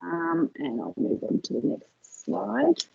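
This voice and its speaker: A woman's voice: fairly low pitch, sing-song, takes it slowly, creaky, warm tone, breathy edge, no room sound. A woman giving an academic seminar talk over a video call, hesitant, with many fillers and restarts. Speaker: lecturer. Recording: dull lo-fi video call audio.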